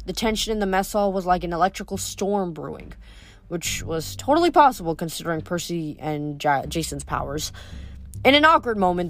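A woman reading a novel aloud in a steady storytelling voice, stumbling over a word now and then. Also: lowish voice. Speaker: audiobook reader.

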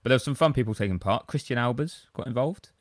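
A man's voice: mid-range voice, fast talker, dry recording, clean studio sound. A man co-hosting a podcast, telling long, rambling, self-deprecating stories in casual chat. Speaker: podcast co-host.

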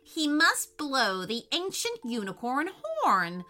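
A woman voicing a furious, nasty old witch in a storybook reading, with loud cackling. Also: high-pitched, huge pitch swings, takes it slowly, faint music behind, heavily acted.

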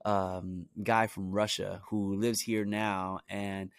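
A man's voice: on the low side, flat delivery, slow pace, clean tone, dry recording, studio quality. A young man from Brooklyn, New York, telling stories from his own life in a loose, rambling way, with plenty of "you know" and "like" fillers. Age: young adult. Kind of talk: casual storytelling.

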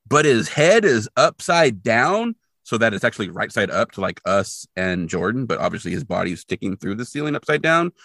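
Retelling a TV episode on a podcast, this male co-host rambles casually with plenty of fillers. His fairly low, fairly bright voice has vocal fry, and the studio-quality sound has no echo; he's a Portland, Oregon resident since 2003.

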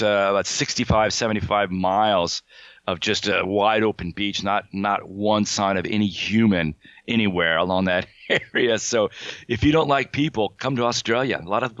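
A man from Colorado calling in as a guest reporter, talking in a relaxed, rambling way full of fillers. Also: fairly low pitch, no echo. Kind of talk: casual phone interview. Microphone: phone line. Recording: dull dry phone line.

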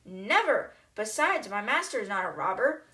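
A woman's voice: medium pitch, very animated, moderate pace, sharp tone. A woman voicing a loyal male servant who firmly defends his master in a storybook retelling. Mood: indignant. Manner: indignant, emphatic.

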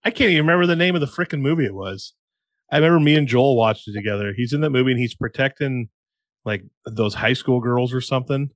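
A man's voice: mid-range voice, quick pace, no echo, clean studio sound. A man hosting a casual podcast, telling rambling, self-mocking stories. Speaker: podcast host. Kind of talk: casual chat.

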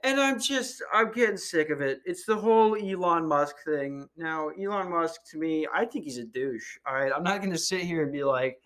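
A man hosting a podcast, ranting casually in a heated, profane, animated way. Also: on the high side, moderate pace, few pauses. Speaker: podcast host.

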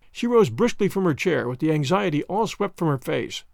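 A man narrating a classic story in a measured, expressive reading. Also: on the high side, gravelly, no echo, studio quality. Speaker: narrator of an audiobook.

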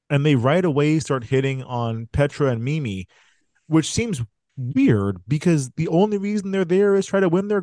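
A man's voice: a little high, no echo, studio quality. A man in his thirties co-hosting a podcast, retelling a film in a casual, laughing way. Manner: laughs often, animated retelling. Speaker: podcast co-host. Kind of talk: casual chat recapping a film.

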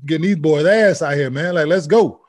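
A man's voice: a little high, normal speed, darkish tone. Laid-back profane podcast host, man. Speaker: podcast host, former college basketball player. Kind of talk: casual chat.

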